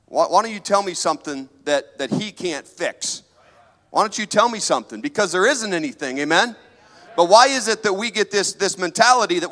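A man's voice: sits high, animated, a little fast, bright, forceful tone, in a large hall. A man preaching a sermon, emphatic and full of questions put to the audience.

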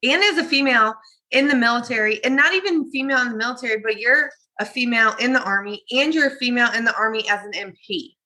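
A woman's voice: fairly high pitch, quick pace, pushed and bright, poor audio. A woman hosting a casual chat, enthusiastic and swearing as she cheers her guest on.

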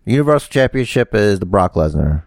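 A man's voice: fairly low pitch, big pitch swings, brisk, a little mellow, dry recording, clean studio sound. A man co-hosting a wrestling podcast, rambling and restarting his sentences in casual chat. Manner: rambling, restarts often, teasing. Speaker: podcast co-host.

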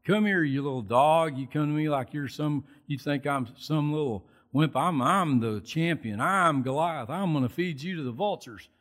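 A man's voice: on the high side, normal speed, hardly any pauses, fairly bright tone, lightly acted. A man voicing a boastful giant warrior who taunts and threatens while retelling a Bible story in a sermon. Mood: taunting.

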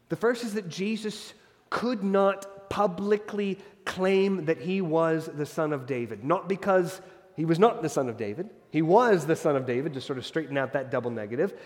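A man preaching an expository sermon, moving between emphatic lines and hushed ones. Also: high voice. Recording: hall reverb.

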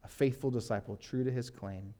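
A man pastor teaching a sermon in a relaxed, conversational way, reading scripture aloud and often saying "like". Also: mid-range voice, a little fast. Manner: casual, uses "like" and fillers, reads scripture aloud.

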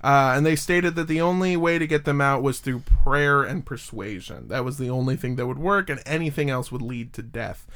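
A man's voice: medium pitch, brisk, few pauses, fairly bright tone. A man casually telling a story to friends on a podcast, loose and profane, with frequent asides. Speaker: podcast host telling a true-crime story. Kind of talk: casual chat.

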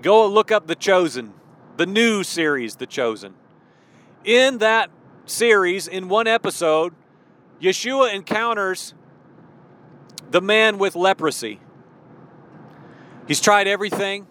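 A man's voice: sits high, lively intonation, takes it slowly, long pauses, fairly bright tone. A man hosting a podcast and preaching in a fervent, rambling way, repeating phrases for emphasis. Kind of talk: impassioned podcast sermon.

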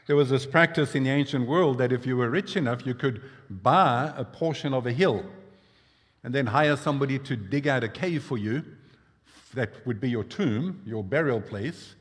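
A man's voice: medium pitch, normal speed, in a large hall. A male pastor preaching a sermon, explaining scripture in a conversational way with personal asides.

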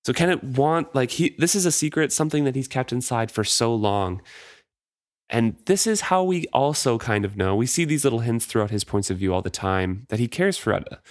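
A man's voice: medium pitch, no room sound, studio quality. A man co-hosting a casual book discussion podcast, reading passages aloud and commenting with easy laughs. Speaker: podcast co-host.

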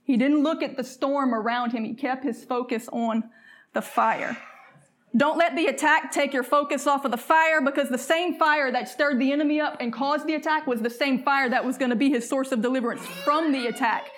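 A woman preaching a fervent sermon in church, slowing down to read scripture and calling on the congregation to answer back. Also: sits high.

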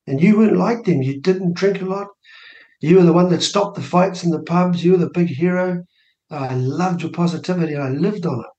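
A man's voice: high-pitched, fairly quick, highs cut off. A New man in his sixties, a guest telling a family story on a radio show, acting out the voices of people he quotes. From New Zealand. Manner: animated storyteller who acts out quoted dialogue. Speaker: guest, election candidate. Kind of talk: casual storytelling interview. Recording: echoey room.

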